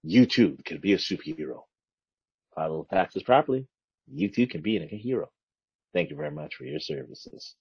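A man's voice: deep voice, animated, normal speed, slightly rough. A man co-hosting a podcast, chiming in with emphatic asides in casual chat, recorded on dull lo-fi audio. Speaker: podcast co-host.

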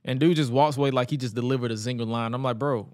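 Animated man recapping wrestling on a podcast. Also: mid-range voice, rapid-fire, dry recording, clean studio sound. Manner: animated storytelling, acts out quotes, stammers. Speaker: podcast co-host.

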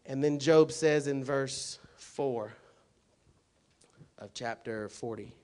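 In a slow, mid-range voice, a man gives a sermon that is conversational yet insistent. He drops to quiet asides, then rises to loud, shouted points crowded with rhetorical questions.

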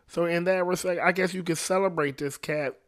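Profane rambling man, slightly high voice. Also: steady tone, brisk, fairly bright tone. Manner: profane, rambling, laughs often. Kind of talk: casual chat.

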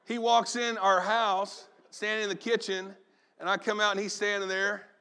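High, bright-voiced man preaching a sermon. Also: moderate pace, clear, resonant tone. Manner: storytelling, animated, acts out family members. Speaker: pastor. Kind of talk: sermon with personal story.

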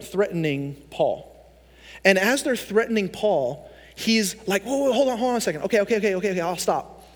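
A male pastor with a high voice preaches a sermon in a reverberant hall. He tells stories in an animated way, acting out the voices of the people he quotes.

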